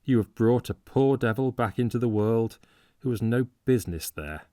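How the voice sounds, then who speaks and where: A man reading a storybook part as an excitable young medical student who speaks with harsh, mocking sarcasm. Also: mid-range voice, moderate pace, no echo, clean studio sound, natural voice. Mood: bitter.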